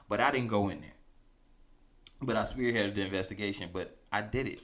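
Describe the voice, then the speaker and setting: A man's voice: on the low side, normal speed. A man hosting a podcast, telling a story casually and animatedly, often chuckling as he goes. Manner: animated, chuckling, loose conversational delivery. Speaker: podcast host.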